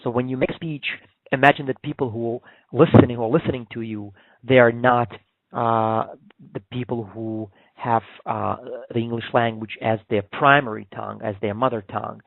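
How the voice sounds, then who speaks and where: A man's voice: medium pitch, steady tone, moderate pace, vocal fry, no echo. A man giving a public speaking webinar, talking conversationally with many fillers and restarts. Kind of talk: webinar presentation. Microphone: webinar call microphone. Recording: dry, phone-like webinar audio.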